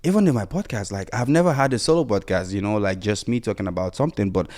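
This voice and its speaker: A man's voice: fairly low pitch, quick pace, darkish tone. A man talking casually and insistently in a solo motivational podcast, repeating himself and filling with "you know". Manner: urging, insistent repetition. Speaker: podcast host.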